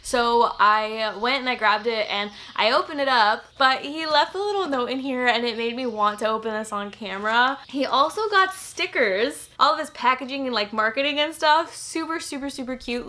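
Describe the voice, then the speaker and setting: A woman's voice: a little high, lively intonation, normal speed, hardly any pauses, pushed and bright. A young woman from Texas, chatting through a plant unboxing for her channel, teary and gushing, full of "like.". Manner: chatty, gushing, filler-heavy. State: teary and emotional. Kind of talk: casual unboxing vlog.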